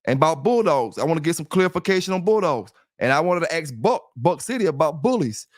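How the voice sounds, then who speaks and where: A man's voice: a little high, sing-song, fast talker, dry recording, clean studio sound. A middle-aged man hosting a livestream in casual chat, rambling and repeating himself as he talks straight to his listeners. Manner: rambling and repetitive, addressing listeners directly. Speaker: livestream host.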